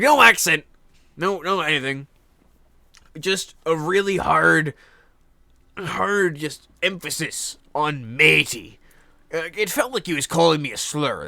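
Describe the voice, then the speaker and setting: A young man with a bright, forceful voice tells casual stories in a loose, rambling way. He swears freely, laughs between lines and acts out the people he met. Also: a little high, dry recording. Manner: rambling, swears a lot, laughs often, mimics others. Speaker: host. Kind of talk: casual storytelling.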